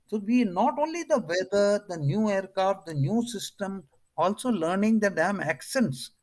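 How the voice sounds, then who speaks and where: A man's voice: sits high, a little slow. An older man with an Indian accent, a retired air force officer telling stories as an interview guest. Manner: animated, acts out others' lines in his stories. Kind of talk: anecdotal interview storytelling.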